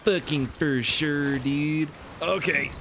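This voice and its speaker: A man giving excitable, swearing let's-play commentary as a gaming YouTuber. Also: on the high side, slow, a little hiss or hum. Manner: excitable, swears a lot, laughs at own jokes.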